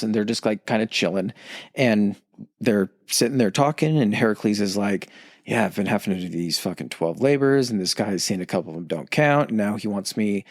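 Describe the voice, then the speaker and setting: A man casually retelling a myth on a podcast, swearing freely and slipping into quick character voices. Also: lowish voice, a little mellow, dry recording, clean studio sound. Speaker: podcast co-host. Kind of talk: casual storytelling chat.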